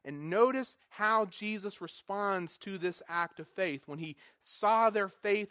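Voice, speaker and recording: A man delivers a sermon in a high, bright voice. He talks to his listeners conversationally, poses rhetorical questions and sometimes drops into quiet asides. The sound is dry and close. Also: takes it slowly, few pauses, smooth, no room sound. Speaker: pastor.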